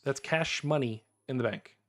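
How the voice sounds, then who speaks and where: Live-streaming a game at normal speed, this American man has a mid-range voice and an excitable, talkative manner, often repeating himself and breaking into laughter.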